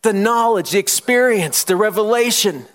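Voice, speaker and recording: A man's voice: high voice, normal speed. A man preaching a sermon in church, reading scripture and calling out questions to the congregation for them to answer. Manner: call-and-response preaching, rising to loud challenges; reads scripture aloud with emphasis. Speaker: pastor.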